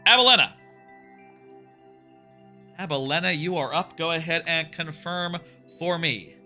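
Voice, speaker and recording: A man's voice: on the high side, fairly even intonation, moderate pace, bright, forceful tone. Candid swearing male game streamer. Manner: candid, swears often, thinks aloud. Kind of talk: casual live-stream commentary while playing. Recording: music playing behind.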